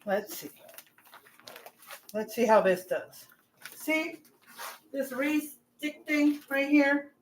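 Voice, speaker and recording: A woman's voice: high voice, expressive, extremely slow, long pauses, slight background noise. A woman hosting a cooking vlog, rambling chattily and talking straight to her viewers from her home kitchen. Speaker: cooking channel host.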